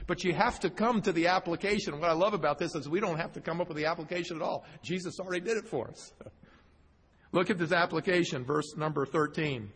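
A male pastor preaching a sermon, reading scripture slowly and with emphasis, with joking asides to the congregation. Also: on the high side, breathy edge. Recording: long hall reverb.

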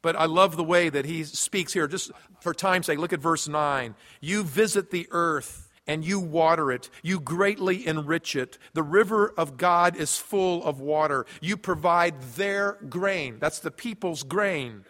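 A man pastor preaching a sermon, earnest, stumbling into quick restarts as he tells a story. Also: fairly high pitch, fairly bright tone. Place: large church sanctuary. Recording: long hall reverb.

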